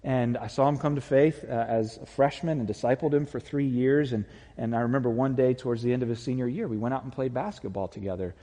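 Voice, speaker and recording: Speaking quickly in a dark, mid-range voice, a man delivers a sermon from a church sanctuary. The reverberant hall carries his earnest, conversational preaching, which has flashes of humor.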